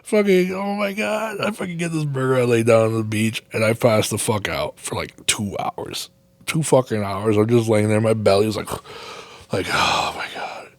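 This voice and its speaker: Male podcast host, mid-pitched, swears a lot, loose storytelling monologue, dry close mic. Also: moderate pace, no echo. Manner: swears constantly, lively anecdotes with exaggerated quoted reactions.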